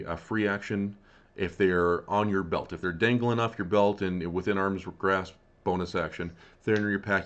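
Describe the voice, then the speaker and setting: A man running a tabletop game as game master, chatty and relaxed, rambling with lots of ums. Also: low voice. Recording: dull lo-fi mic.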